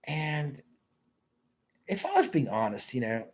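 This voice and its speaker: A man rambling in crude off-the-cuff commentary, mumbling and trailing off into low asides. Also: wildly swooping pitch, normal speed. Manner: crude, rambling, self-interrupting.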